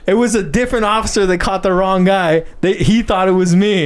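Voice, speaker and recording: A man's voice: high voice, steady tone, fairly quick, clear, resonant tone. A man in his twenties, a podcast guest, telling a story in casual chat, swearing a lot and acting out quoted dialogue. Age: 20s.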